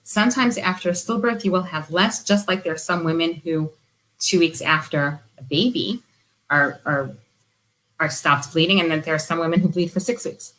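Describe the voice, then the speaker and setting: A middle-aged woman giving gentle, earnest advice as a support counselor in an informal talk. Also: on the low side, normal speed, low-quality recording. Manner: briefly drops to a whisper.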